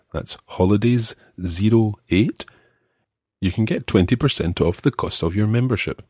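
A man's voice: low-pitched, darkish tone, breathy edge, dry recording, studio quality. Stuffy-nosed man teaching a language. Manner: patient, measured explaining. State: stuffed up with a cold. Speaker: language podcast host. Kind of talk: explaining grammar in a podcast.

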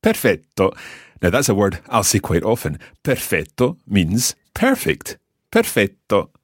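A man hosting a language lesson, patiently explaining and modelling words slowly for the listener to repeat. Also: fairly low pitch, wildly swooping pitch, husky, no room sound, studio quality. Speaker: language teacher and host.

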